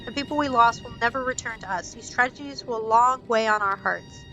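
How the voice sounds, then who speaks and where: Solemn, wise village elder, bright voice, read aloud by a woman. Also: on the high side, faint music behind, poor audio. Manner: reading game dialogue aloud, measured.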